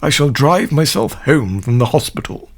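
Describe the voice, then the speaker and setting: A haughty, indignant baby with a grown man's pomp speaks in a high, squeaky voice, as a British man puts him on. He speaks in bursts of loud, outraged declarations. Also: expressive, normal speed. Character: squeaky pompous grown man acting as a newborn.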